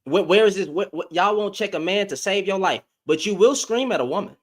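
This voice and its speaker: A man ranting in a casual, slangy reaction commentary, heated with loud bursts. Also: high voice, animated, brisk.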